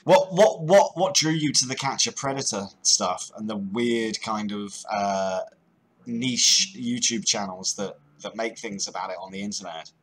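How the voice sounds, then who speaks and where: A British man hosting a live call-in show, chatty and quick to laugh, often tripping over repeated words as he talks. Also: fairly low pitch. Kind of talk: casual chat with a caller.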